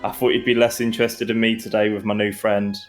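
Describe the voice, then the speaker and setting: A man's voice: lowish voice, level tone, fast, soft background music, lightly acted. A man voicing a friendly bearded adventurer, speaking in a dry, matter-of-fact way.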